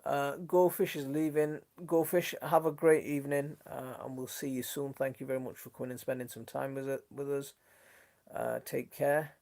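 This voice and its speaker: Gravelly-voiced man with a Yorkshire accent. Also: medium pitch, flat delivery, moderate pace, a little mellow. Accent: mixed Leeds and Sheffield. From Northern England. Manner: chatty and friendly, trails off and restarts often. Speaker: gardening channel host. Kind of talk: casual live stream chat, reading out viewer comments. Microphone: phone.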